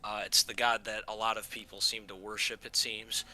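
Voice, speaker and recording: A male game master narrates a tabletop session in a sharp, very bright voice that sits a little low. He pauses often and fills gaps with fillers. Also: little pitch movement, slight background noise. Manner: halting, many filler pauses.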